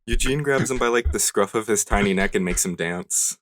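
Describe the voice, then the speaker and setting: A man's voice: lowish voice, fairly quick, no room sound, studio quality. A man playing a tabletop game, talking casually with hesitant restarts. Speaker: player.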